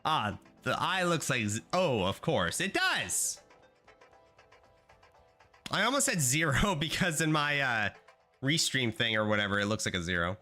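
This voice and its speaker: A young male streamer with a bright, forceful voice that swoops all over as he chats to his viewers. He rambles through playful rants and swears freely, and faint game music plays behind him. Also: medium pitch, sing-song, measured pace, long pauses. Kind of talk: casual gaming livestream chat.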